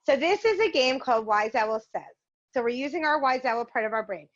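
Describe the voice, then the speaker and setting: A woman's voice: high-pitched, animated, fairly quick. A woman leading a virtual yoga and mindfulness class, guiding poses and a game in an upbeat, encouraging way. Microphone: video call. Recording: muffled video-call audio.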